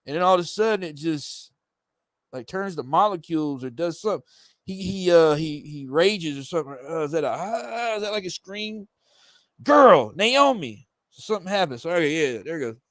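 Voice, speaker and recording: A man reads a comic aloud on a livestream and comments as he goes. His delivery is casual, hesitant and full of fillers, and his voice sits a little high. The sound is dry and close. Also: lively intonation, brisk, no room sound. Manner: rambling, hesitant, with fillers and self-corrections. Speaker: streamer reading a comic aloud.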